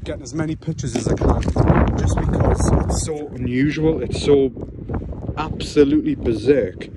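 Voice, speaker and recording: A man talking into his phone camera outdoors at night, breathless, excited and rambling. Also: fairly high pitch, normal speed. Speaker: landscape photographer vlogger. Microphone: phone camera held by hand. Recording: heavy wind noise on phone mic. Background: loud wind.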